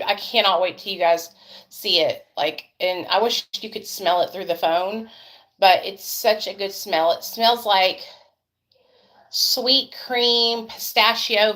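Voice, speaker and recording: A woman vlogger and mother, chatting casually and telling a story with lots of swearing. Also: medium pitch. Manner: chatty, profane, animated storytelling.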